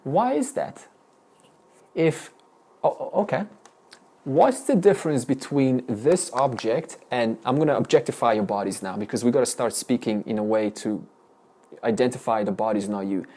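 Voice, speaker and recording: Speaking at normal speed with a warm, expressive, mid-range voice, a Vedanta teacher runs an interactive spiritual class. He shoots questions at his students and frequently begins his sentences again.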